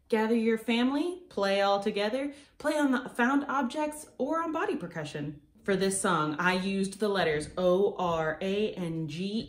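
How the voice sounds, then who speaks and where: A woman's voice: on the low side, reverberant. A young woman teaching a children's music lesson, upbeat and encouraging, counting beats aloud. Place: room at home.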